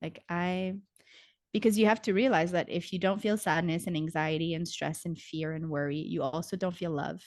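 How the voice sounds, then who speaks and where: A woman, a yoga teacher and somatic coach, calmly explaining things as an interview guest and often saying "like.". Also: fairly low pitch, normal speed, dry recording, clean studio sound. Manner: calm, teaching, uses "like" often. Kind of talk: casual explanatory interview talk.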